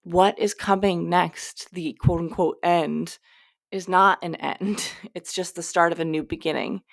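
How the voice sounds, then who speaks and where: A woman's voice: fairly low pitch, fairly even intonation, a little slow, gravelly, no room sound, clean studio sound. A young woman hosting a podcast, giving casual spiritual advice in a candid, chatty way, sometimes swearing and cutting herself off. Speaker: podcast host.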